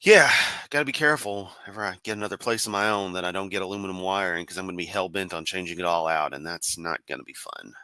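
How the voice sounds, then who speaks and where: A man's voice: deep voice, quick pace, few pauses, bright, forceful tone, clear, resonant tone, no echo. A man giving sarcastic, profane, rambling commentary on a live stream.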